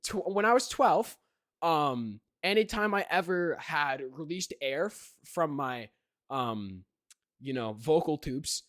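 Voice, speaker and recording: A man's voice: a little high, lively intonation, slow pace, a bit bright, dry recording, studio quality. A teenage young man hosting a podcast, telling a story in a rambling way, full of fillers and "right?" check-ins. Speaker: podcast host. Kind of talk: casual chat.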